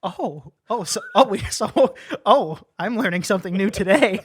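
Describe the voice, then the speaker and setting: A man with a high-pitched voice co-hosting a comedy podcast. He teases his co-host, laughs often and throws out outlandish dating scenarios in loose banter. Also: expressive, moderate pace, breathy edge. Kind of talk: casual comedic chat.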